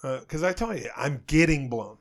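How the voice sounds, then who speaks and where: A man's voice: mid-range voice, expressive, normal speed. A man co-hosting a podcast, chatting casually and crudely and telling a joke at a rambling pace while laughing at his own punchlines. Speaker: podcast co-host.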